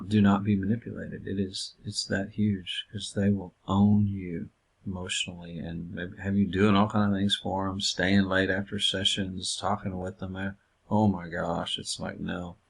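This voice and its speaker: A man with a low, gravelly voice gives a loose, conversational lecture to counseling students. His tone is husky, and he fills his talk with ums and uhs as he works through his points. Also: fairly even intonation, measured pace, a bit bright. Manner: casual, conversational lecturing with many fillers. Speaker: counseling instructor. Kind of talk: recorded lecture.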